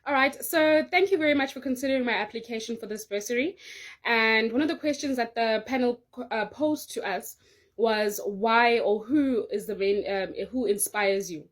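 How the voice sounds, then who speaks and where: A woman makes a formal application pitch in a slightly high voice, halting and full of fillers. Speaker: prankster daughter, applicant.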